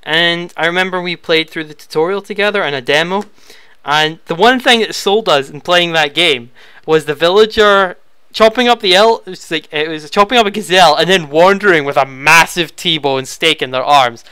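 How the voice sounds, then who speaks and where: A man's voice: a little high, normal speed, sharp tone, clean tone, no room sound. Chatty young man on a headset. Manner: rambling, chatty and easily flustered. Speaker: YouTube Let's Player. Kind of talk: casual Q&A answering viewer questions. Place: home room.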